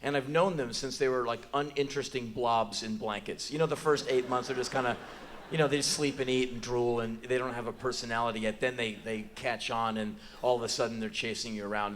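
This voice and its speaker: An American man in his forties telling a profane, animated story as live spoken word on a theater stage, bursting into shouts now and then. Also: medium pitch, a little fast, slight background noise. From United States. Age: 40s.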